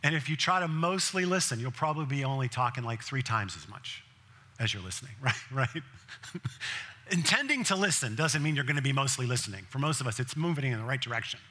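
A man's voice: medium pitch, animated, a little fast, sharp tone. A male pastor preaching a sermon in a conversational way, asking the congregation direct questions.

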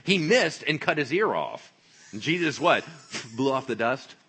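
Man preaching, husky bright voice, lively pitch, jokey, acts out bits. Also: a little slow. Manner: animated, joking, acts out voices. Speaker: pastor. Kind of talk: sermon.

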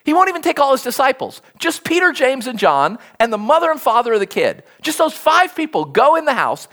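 A preacher delivering a sermon, telling stories in an animated way and acting out quoted speech. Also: high-pitched, a little fast.

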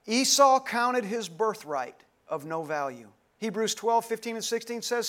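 A man's voice: high voice, lively intonation, unhurried, hardly any pauses, fairly bright tone. A man preaching a sermon to a live congregation, repeating his questions, leading call-and-response and calling on listeners by name. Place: dim church hall, live congregation.

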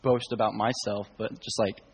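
A young man sharing a casual faith testimony, soft-spoken and full of fillers. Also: fairly low pitch, flat delivery, moderate pace, slightly rough, long reverb tail.

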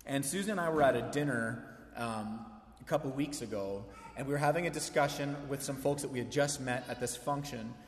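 A male pastor preaching a sermon in a relaxed, conversational way, mixing storytelling with humor. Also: mid-range voice, fairly quick. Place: church sanctuary. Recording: echoey hall reverb.

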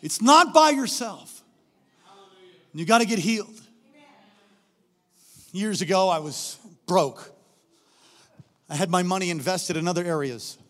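A man preaching a sermon, telling stories with acted-out voices and swinging between quiet asides and loud, shouted peaks. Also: sits high, a little slow, long pauses, big-room sound. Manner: animated storytelling, acts out characters, shifts between quiet asides and shouting.

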